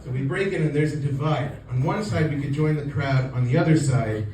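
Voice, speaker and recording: New guy around 40 doing standup, animated storytelling, roomy club sound with crowd noise. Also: mid-range voice, fairly quick. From New York. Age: 40s. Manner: animated, acts out voices, laughs through lines. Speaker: stand-up comedian. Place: comedy stage in a club. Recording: roomy, from far off, with audience noise. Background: audience laughter.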